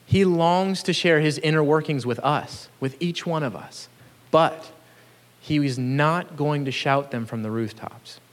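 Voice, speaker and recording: A man's voice: on the high side, a little slow, big-room sound. A man preaching a sermon in an earnest, conversational way, chuckling now and then between points. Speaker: pastor.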